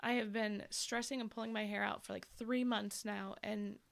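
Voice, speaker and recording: A woman co-hosts a casual podcast chat and tells stories, laughing often along the way. Her voice sits at a middle pitch and has a gravelly fry. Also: flat delivery, normal speed. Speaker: podcast co-host.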